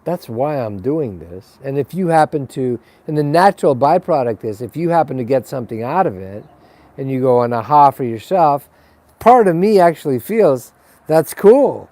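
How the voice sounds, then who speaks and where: A man's voice: mid-range voice, very animated, moderate pace, dark tone. A man hosting a spiritual webcast, talking in a rambling, blunt and profane monologue. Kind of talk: casual spoken monologue.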